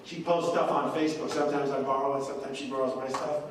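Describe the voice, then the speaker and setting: A man giving a folksy, animated political town-hall speech, telling anecdotes and acting out other people. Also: medium pitch, fast talker, background noise. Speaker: congressman speaking at a town hall. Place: large echoey courthouse hall. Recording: echoey hall recorded from a distance.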